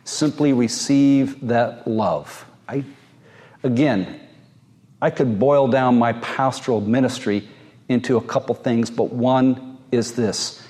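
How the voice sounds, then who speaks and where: A man, a pastor, preaching a sermon in a slow, gentle and earnest way, with drawn-out pauses. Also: medium pitch.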